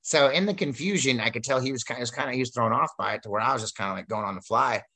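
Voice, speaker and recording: A man's voice: mid-range voice, racing, gravelly. A man telling long, rambling stories about his wrestling days in casual chat, full of fillers and restarts. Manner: rambling, animated storytelling with many fillers.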